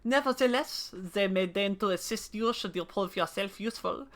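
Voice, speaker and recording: A woman voicing a gruff old male soldier with a put-on accent mixing German and French. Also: medium pitch, normal speed, lightly acted. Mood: solemn. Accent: mock German-French mix. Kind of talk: voicing game dialogue while streaming.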